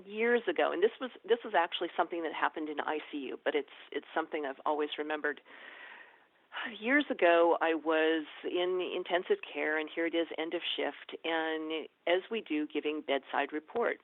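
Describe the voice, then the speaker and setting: Gravelly-voiced woman, lively storyteller. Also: sits low, normal speed, dry recording. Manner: lively, animated storyteller acting out quoted dialogue. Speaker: ER nurse and educator, podcast guest. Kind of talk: conversational storytelling interview. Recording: tinny phone-like line, dry.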